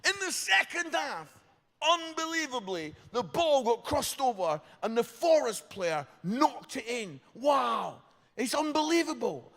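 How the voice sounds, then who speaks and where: A Scottish man in his fifties, a pastor telling comic stories in a sermon, animated and tagging his lines with "yeah?". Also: very high-pitched, a little slow, gravelly. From Scotland. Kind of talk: sermon storytelling. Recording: reverberant church hall.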